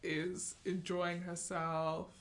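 A woman co-hosting a podcast, chatting and gossiping casually about a reality show, with quick mimicking asides. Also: lowish voice, flat delivery. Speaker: podcast co-host. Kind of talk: casual chat.

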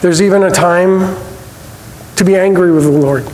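A man teaching a church Bible study, conversational with small restarts, reading scripture with expressive emphasis. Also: sits high, normal speed. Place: church hall. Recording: roomy hall reverb, faint noise.

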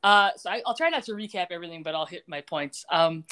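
A woman's voice: lowish voice, fast talker, a bit bright, smooth. A woman co-hosting a podcast, casually recapping a TV episode in a chatty way with frequent laughter. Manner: chatty, giggly, often laughing mid-sentence. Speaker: podcast co-host.

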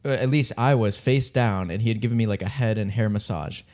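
A man in casual chat, joking and chiming in with quick banter. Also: lowish voice, darkish tone.

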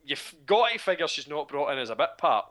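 Bloke, sharp bright voice, ranting about tv on a podcast. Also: male voice, a little high, brisk. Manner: animated, opinionated, swears casually. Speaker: podcast co-host. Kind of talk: casual chat about a TV show.

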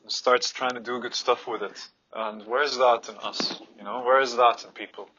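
A man's voice: mid-range voice, steady tone, normal speed, bright, forceful tone, muffled recording, slight background noise. A man on a heated personal rant, blunt, fired up and swearing freely.

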